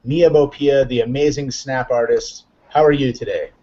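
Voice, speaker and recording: Upbeat excitable male show host. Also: medium pitch, moderate pace, highs cut off. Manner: excitable, upbeat, rambling with fillers. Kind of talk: live online chat show.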